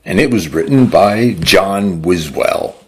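A man reading a literary short story aloud for a radio program, slow, deliberate and expressive. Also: low-pitched, husky.

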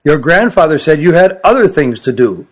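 A man voicing a small, gentle male creature who speaks quietly in a storybook reading. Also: on the high side, very animated, normal speed. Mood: calm.

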